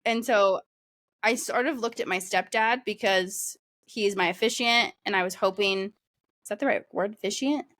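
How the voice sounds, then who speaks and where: A woman's voice: mid-range voice, steady tone, moderate pace, fairly bright tone. A young woman co-hosting a podcast, chatting casually with many fillers and frequent laughter. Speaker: podcast co-host. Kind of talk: casual chat.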